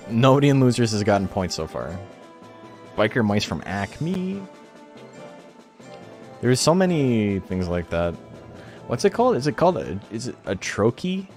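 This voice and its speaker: A man's voice: fairly low pitch, a little mellow. A man streaming a game tournament, chatting casually and rambling in a laid-back way, swearing now and then.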